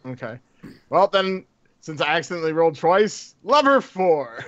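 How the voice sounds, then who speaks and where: A man's voice: a little high, big pitch swings, normal speed. A man playing a tabletop game, stating his actions in short, matter-of-fact lines. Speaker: player. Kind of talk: casual tabletop play. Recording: dull lo-fi sound.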